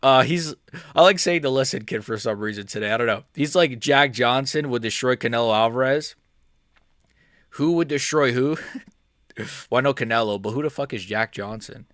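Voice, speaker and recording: A man's voice: medium pitch, normal speed, fairly bright tone, no echo, studio quality. Rambling, joking guy on a stream. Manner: rambling, crude joking, trails off. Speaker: MMA streamer. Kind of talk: casual livestream chat.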